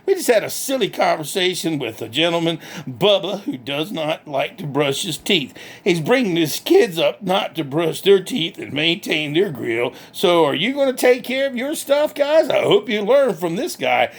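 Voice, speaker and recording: A man hosting a mock interview, acting as the straight man and laughing at the answers. His voice is husky with some gravel in it. His pitch is high and swings widely. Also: sing-song, moderate pace, hardly any pauses. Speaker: comedy interviewer.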